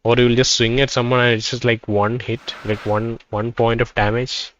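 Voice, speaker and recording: A man playing a role-playing game, reading its text aloud and thinking out loud about what he finds. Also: medium pitch, level tone, moderate pace, highs cut off, slight background noise. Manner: thinking aloud, reads dialogue in quoted turns. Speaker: let's play gamer.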